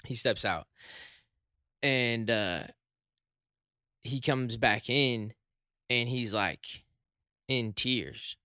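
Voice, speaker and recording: A young man casually telling a long story on a chat show, getting more animated and loud as he recalls being shocked. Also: extremely slow, long pauses, clean tone, no room sound, clean studio sound. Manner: animated, rises high and loud when shocked. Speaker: podcast co-host.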